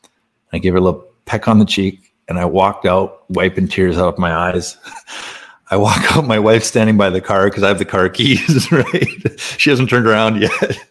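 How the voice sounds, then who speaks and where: A man's voice: low-pitched, wildly swooping pitch, normal speed. A man speaking as a podcast guest, telling a personal spiritual story in a casual, earnest way, laughing often and using many fillers.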